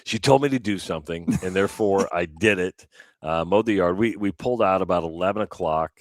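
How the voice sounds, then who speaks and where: A man co-hosting a morning radio show, telling a long story in a casual, animated way and acting out the other people in it. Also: deep voice, brisk, no room sound, studio quality. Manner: animated, acts out quoted voices. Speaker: radio co-host.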